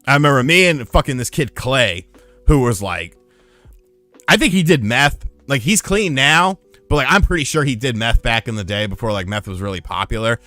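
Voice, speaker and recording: A man's voice: medium pitch, moderate pace, no echo, faint music behind. A man streaming live, telling rambling, profane stories in casual chat. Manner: profane, rambling, animated storyteller. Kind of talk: casual storytelling on a livestream.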